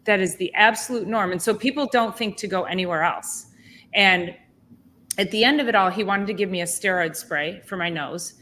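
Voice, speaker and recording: Woman chiropractor host, casual podcast chat, lively storyteller, mid-range voice. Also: medium pitch, moderate pace, a little hiss or hum. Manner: animated, indignant storytelling with many restarts.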